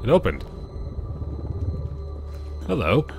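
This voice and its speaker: A man's voice: mid-range voice, wildly swooping pitch, slow pace, vocal fry, darkish tone, soft background music. A man casually commenting as he plays a video game, thinking aloud in a chatty way. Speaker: gaming channel host. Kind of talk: let's play commentary.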